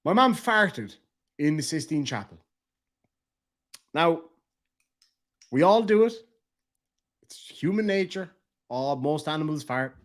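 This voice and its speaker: A young Irish man with a lively, animated delivery, telling a comic story and laughing as he swears. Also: on the high side. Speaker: vlogger.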